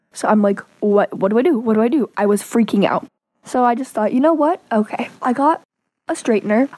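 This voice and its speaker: A woman's voice: a little high, mellow, no echo. A woman from Canada telling a personal story in a casual, chatty way, acting out the quoted dialogue. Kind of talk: personal anecdote narration.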